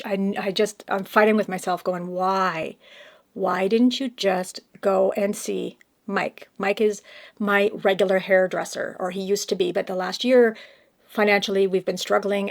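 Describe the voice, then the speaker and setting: A woman's voice: medium pitch, gravelly. A woman vlogger telling a story to camera, emotional and rambling, often restarting her sentences.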